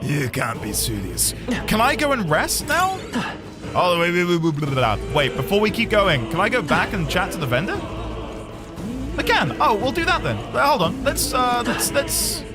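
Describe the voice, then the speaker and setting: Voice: medium pitch, very animated, moderate pace. A streamer playing a story game live, chatting to viewers and bursting into laughter and wails. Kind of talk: casual live-stream commentary. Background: game music.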